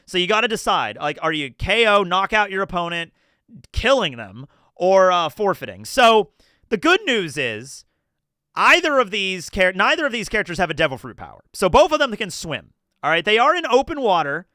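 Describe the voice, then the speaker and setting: Chatty male streamer, high and animated, quick to laugh and swear. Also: dry recording, clean studio sound. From New Jersey. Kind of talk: casual livestream commentary.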